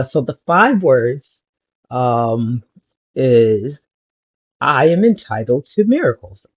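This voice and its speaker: A spiritual vlogger talks straight to the camera in a casual motivational vlog, rambling and chatty. The voice sits at a middle pitch, and the stories come out with lively energy. The sound is a little dull and lo-fi. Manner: chatty, rambling, animated storytelling.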